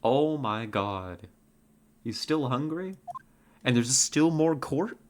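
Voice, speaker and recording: A woman streaming a game, chatting casually and excitedly, laughing often and making playful growling noises. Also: extremely low pitch, slow pace, a little hiss or hum. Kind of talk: casual live-stream commentary.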